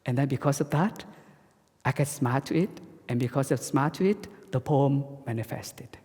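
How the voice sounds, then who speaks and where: A man giving a gentle dharma talk as a Buddhist monk, speaking simple English that halts and restarts often. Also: medium pitch, normal speed, slightly rough, big-room sound.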